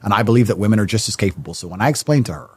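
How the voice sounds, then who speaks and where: Blunt, animated man on a podcast. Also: lowish voice, racing, breathy edge. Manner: blunt, emphatic and stubborn in tone. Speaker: podcast guest. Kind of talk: casual podcast conversation.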